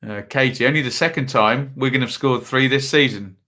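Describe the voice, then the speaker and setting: A man's voice: mid-range voice, brisk, pushed and bright. A man hosting a live football watchalong stream, chatting casually and reading out viewer comments between match updates.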